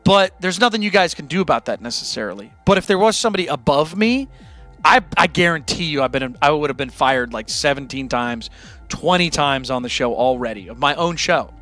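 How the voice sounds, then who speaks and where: Lively, bright-voiced male streamer talking candidly. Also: on the high side, a little fast, faint music behind. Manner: candid, rambling, self-deprecating. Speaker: livestream music host. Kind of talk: casual chat to a live audience.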